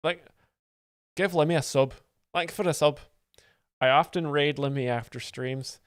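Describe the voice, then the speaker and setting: A man hosting a live reaction stream as a mock expert, deadpan and sweary, making absurd claims. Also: fairly high pitch, measured pace, clear, resonant tone, no echo, clean studio sound. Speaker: host, streamer.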